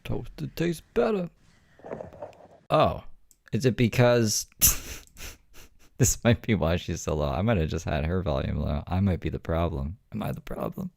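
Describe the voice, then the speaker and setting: Rambling, deep-voiced, profane male host. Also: moderate pace, creaky, a little mellow, a little hiss or hum. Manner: rambling, profane, self-mocking. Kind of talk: casual commentary.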